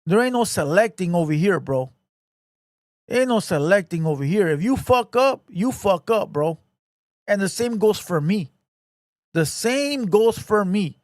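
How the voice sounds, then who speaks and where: A man's voice: sits high, no room sound, studio quality. A man hosting his own channel, delivering a profane, confrontational rant and ending his lines with 'bro'. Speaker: channel host. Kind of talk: ranting commentary.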